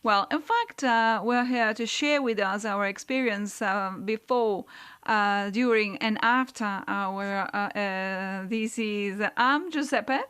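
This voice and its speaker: A woman giving a simultaneous interpretation in the first person, slow and halting. Her voice is smooth and clear, and fillers break up her sentences. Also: mid-range voice, fairly bright tone. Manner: hesitant, halting, many fillers.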